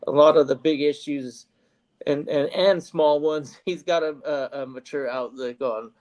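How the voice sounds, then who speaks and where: A man's voice: on the high side, steady tone, measured pace, a little mellow, lo-fi sound. A man who is a podcast guest, talking in easygoing casual chat and stammering through repeats and fillers.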